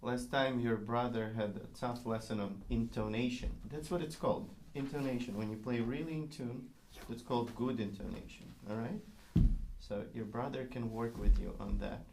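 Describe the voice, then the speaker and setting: A man's voice: mid-range voice, steady tone, moderate pace, hardly any pauses, very noisy. A man who is not a native English speaker, giving a patient, encouraging one-on-one violin lesson and singing rhythms aloud. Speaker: violin teacher.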